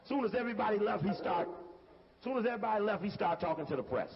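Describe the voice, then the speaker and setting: A man's voice: high voice, rapid-fire, gravelly, long reverb tail, dull audio, background noise. A man giving casual, emphatic commentary over video footage and calling out cues to stop and rewind it. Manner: emphatic, talks straight to the listener and calls out cues to stop and rewind.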